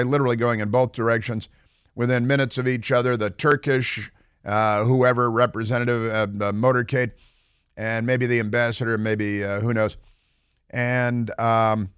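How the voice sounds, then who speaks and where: A man's voice: medium pitch, a bit bright, no room sound, clean studio sound. A man hosting a talk radio show, talking casually and rambling with many fillers and restarts. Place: radio studio.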